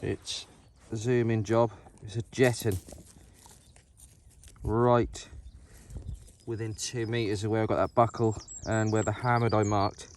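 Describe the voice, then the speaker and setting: In a casual outdoor walk-and-talk vlog, a British man metal detects across a field and chats cheerfully with his audience, whom he calls ladies and gents. His voice is lowish and darkish, delivered flatly and unhurriedly with long pauses, over a little hiss or hum.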